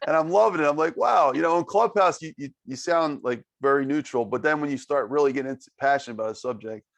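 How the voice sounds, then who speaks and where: Gravelly-voiced male podcast host. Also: medium pitch, fast talker, a bit bright, no room sound. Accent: non-native English accent. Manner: friendly, laughs often. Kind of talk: casual interview.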